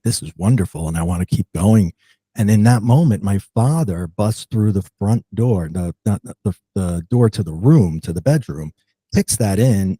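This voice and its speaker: A man's voice: fairly low pitch, warm tone, no room sound. A man guest recounting a personal experience in an earnest, reflective way, with frequent ums and restarts. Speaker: podcast guest. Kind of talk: personal storytelling in an interview.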